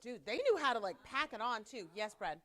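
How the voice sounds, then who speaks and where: A bubbly woman leads a children's Sunday school class, teasing the kids and rattling along quickly. Her voice is bright and a little high, with a forceful ring to it. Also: sing-song. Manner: bubbly, teasing, fast-talking. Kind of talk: children's class, lively and playful.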